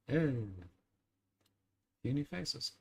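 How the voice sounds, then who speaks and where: A man's voice: fairly high pitch, creaky, slightly rough. A young man streaming and chatting casually with his viewers, rambling with frequent fillers, small laughs and little verbal-tic sounds. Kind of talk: casual chat with live chat.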